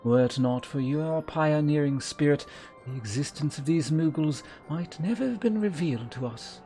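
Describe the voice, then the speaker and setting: A man's voice: fairly high pitch, animated, normal speed, dark tone, soft background music, voice pushed up. A man reading aloud the solemn, ceremonial lines of a gracious female elder leader in a game.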